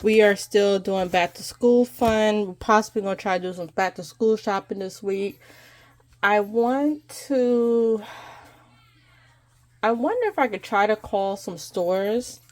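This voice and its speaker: A woman's voice: mid-range voice, unhurried, darkish tone. Congested chatty woman vlogger. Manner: chatty, rambling, colloquial. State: congested from allergies. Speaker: budgeting vlogger. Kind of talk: casual chat to camera.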